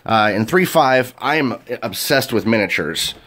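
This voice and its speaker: A man's voice: mid-range voice, animated, unhurried, fairly bright tone. A man, a game master, hosting a casual tutorial and explaining tabletop role-play in a chatty way. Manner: chatty and explanatory, with frequent fillers. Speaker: game master and video host.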